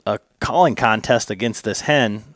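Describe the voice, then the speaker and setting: Low-voiced man, chatty podcast host. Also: moderate pace, dry recording, studio quality. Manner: rambling, many fillers and restarts, chatty storytelling. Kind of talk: casual podcast talk.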